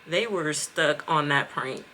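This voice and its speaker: A young woman in casual storytime, animated and profane with laughing asides. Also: deep voice, slow pace, slight background noise. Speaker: storytime vlogger.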